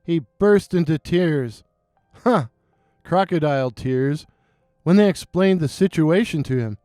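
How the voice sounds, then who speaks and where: A man narrating a scripted horror story in a measured, suspenseful way. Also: a little high, animated, dark tone, dry recording, studio quality, faint music behind.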